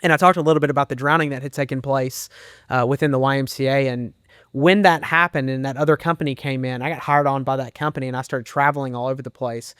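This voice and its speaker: A man's voice: mid-range voice, steady tone, fairly bright tone, clear, resonant tone, no room sound, studio quality. Earnest man sharing a candid testimony. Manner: earnest, candid storytelling with emotional pauses. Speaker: associate pastor and men's minister. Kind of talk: personal testimony in an interview.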